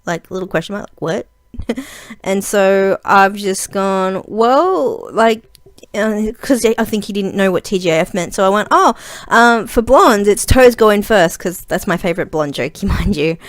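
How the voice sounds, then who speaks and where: A woman's voice: medium pitch, moderate pace, no echo. A young woman chats straight to camera about something that cracked her up. She rambles and giggles and fills her talk with ums. The recording is dry, with almost no room sound. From Australia. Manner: chatty, giggly, full of fillers and animated retelling. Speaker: vlogger. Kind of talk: casual storytelling vlog.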